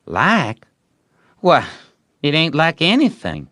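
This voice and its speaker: A man's voice: fairly high pitch, wildly swooping pitch, takes it slowly, sharp tone, no echo, studio quality, pitched above the performer's own voice, full character voice. A man voicing an eager, smitten young boy in an audiobook, talking in a coaxing, boastful way. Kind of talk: audiobook reading.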